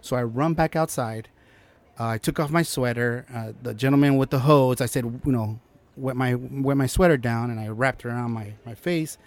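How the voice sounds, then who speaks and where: Man, young adult, interview guest, casual storytelling, animated, acts out quotes, mid pitch.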